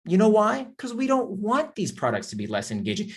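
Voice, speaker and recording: A man giving an impassioned talk on a video call, with emphatic rhetorical questions, then calmly answering audience questions from the chat. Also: high-pitched, brisk, hardly any pauses, slight background noise. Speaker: author and speaker.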